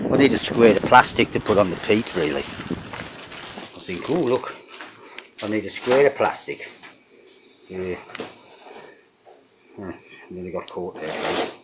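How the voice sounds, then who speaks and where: An older man vlogs about his home renovation from his garden, giving rambling, casual commentary and swearing in nearly every sentence. His voice is medium-pitched, with a noisy background outdoors.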